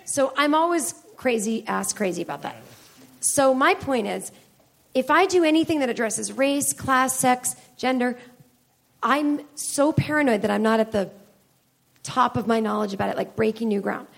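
Woman comedian, live stage host, self-deprecating rambler, high gravelly voice. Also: normal speed. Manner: rambling, candid, swears freely. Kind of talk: live stand-up style chat with audience.

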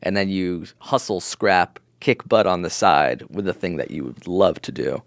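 Very deep-voiced man chatting casually. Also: normal speed, dry recording, clean studio sound. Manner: relaxed, rambling, heavy use of "like". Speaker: podcast co-host giving advice. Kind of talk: casual advice chat.

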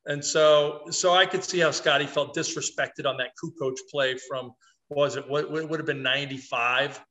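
Animated, bright-voiced sports columnist man. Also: on the high side, normal speed. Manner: animated, opinionated, self-deprecating. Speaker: podcast co-host, sports columnist. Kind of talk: casual sports talk.

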